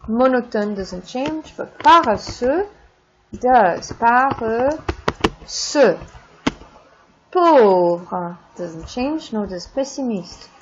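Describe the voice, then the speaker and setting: A woman teaching a French class in a recorded lesson, drawing out words slowly for pronunciation drills and adding casual asides. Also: a little high, expressive, lo-fi sound, noisy background.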